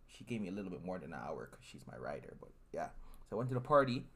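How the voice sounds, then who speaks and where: A young man in a casual chat, telling a story in a low-key, mumbled way. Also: big pitch swings, fast talker, creaky, husky.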